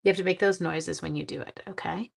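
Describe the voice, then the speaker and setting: A woman's voice: lowish voice, fairly even intonation, fast, creaky. A middle-aged woman chatting to viewers during a casual live-stream card-making demo, with silly sound effects.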